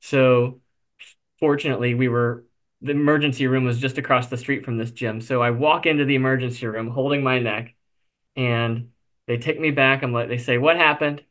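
A man's voice: mid-range voice, fairly even intonation, normal speed, fairly bright tone. A man being interviewed, telling a personal story candidly, with self-deprecating humor and frequent fillers. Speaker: interview guest.

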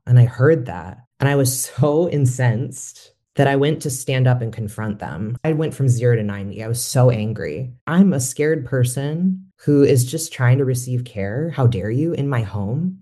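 A man who works as a mental health educator gives a candid personal testimony in a reflective, measured way. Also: mid-range voice, dark tone.

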